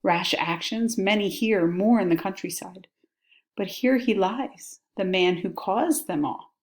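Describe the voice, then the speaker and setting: A woman's voice: medium pitch, unhurried, natural voice. Woman doing a scheming desperate nobleman. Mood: pleading. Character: scheming pleading nobleman, young man, desperate.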